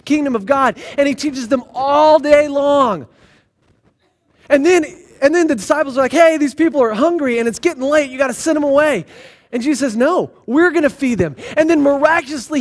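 A man with a strikingly high voice preaches a sermon. He retells the scripture stories in a lively, casual way and drops dry, sarcastic asides along the way. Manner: animated storytelling with sarcastic asides. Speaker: pastor.

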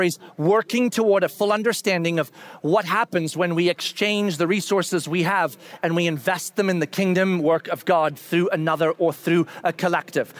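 A man preaching a casual, conversational sermon, acting out quotes with big jumps in his voice. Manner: animated, acts out voices with big pitch jumps; casual and conversational, with fillers and restarts. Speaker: pastor.

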